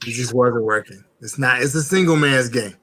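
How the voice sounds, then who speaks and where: A man's voice: medium pitch, moderate pace, sharp tone, husky. A man talking casually as a guest on a live barbecue stream, rambling with many restarts.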